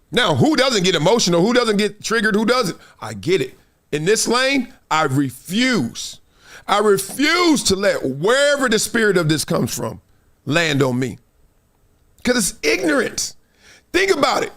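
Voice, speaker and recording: A man hosting his own commentary show, his voice pitched high for a man and swinging widely up and down. He drives points home with repeated phrases and rhetorical questions, like a preacher working a crowd. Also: big pitch swings, a little slow, a bit bright. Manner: emphatic, repetitive, preacher-like cadence. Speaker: show host. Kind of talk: opinion commentary.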